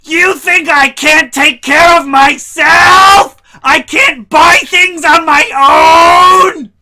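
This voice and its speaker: A man voicing an easily offended middle-aged mother who shouts in shrill outrage. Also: very slow, background noise, exaggerated voice. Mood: outraged.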